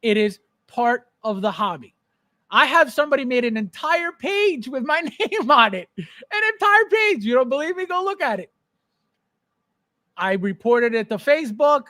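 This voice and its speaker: High-voiced man teasing live viewers. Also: big pitch swings, normal speed, sharp tone, no echo. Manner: joking, teasing viewers by name. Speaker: podcast host. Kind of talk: casual livestream chat.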